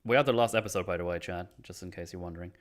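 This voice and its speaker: Man, low voice, podcast host, casual anime recap, laughs a lot, swears. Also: racing.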